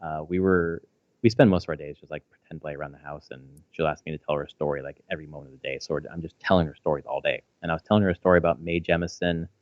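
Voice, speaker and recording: Deep voiced guy in his 30s rambling on a podcast, lots of ums and likes, swears a bunch, dry kinda muffled audio. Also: steady tone, racing, dry recording. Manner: rambling, with many fillers and restarts; swears casually. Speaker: podcast co-host. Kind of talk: casual podcast chat. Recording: slightly dull, dry audio.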